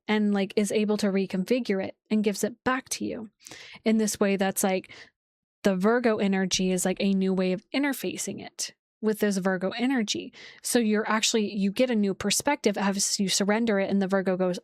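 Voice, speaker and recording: A woman's voice: medium pitch, steady tone, moderate pace, a little mellow, dry recording. Rambling woman astrologer, dry sound. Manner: rambling, full of "like" and restarts. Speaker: astrologer hosting a livestream. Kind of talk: casual livestream talk. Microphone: streaming setup, seated in a chair.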